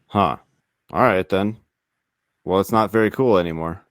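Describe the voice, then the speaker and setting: Low-voiced man making offhand remarks. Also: moderate pace, no echo, clean studio sound. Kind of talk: casual chat.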